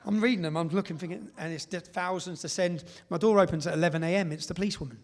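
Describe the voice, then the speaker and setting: A middle-aged English public speaker races through a live speech in an event hall, his voice sitting high. He tells his story emphatically and keeps tagging sentences with "yeah?".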